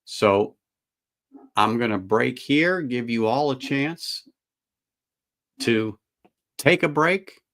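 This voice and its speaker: A middle-aged man hosts a laid-back whiskey livestream, wandering through folksy tangents and replying to viewer comments. His voice sits at medium pitch, a little bright, with lively intonation, and he speaks slowly with long pauses.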